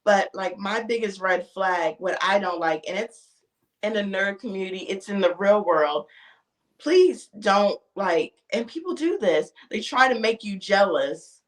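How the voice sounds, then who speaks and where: Female podcast guest, mid-pitched, lively storyteller, casual chat. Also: a little slow. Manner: lively, acts out quoted dialogue.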